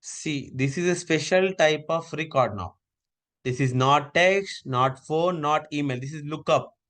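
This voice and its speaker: A man's voice: a little high, a little slow, a bit bright. A man teaching a live online class over a video call, giving repeated step-by-step instructions.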